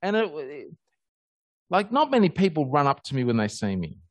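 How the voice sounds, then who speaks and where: An Australian man preaching in a relaxed, storytelling way, his voice leaping upward whenever he gets excited. The recording is dry and close, with no room sound. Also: normal speed, dry recording. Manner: animated storyteller, pitch jumping high on happy moments. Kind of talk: conversational sermon with personal stories.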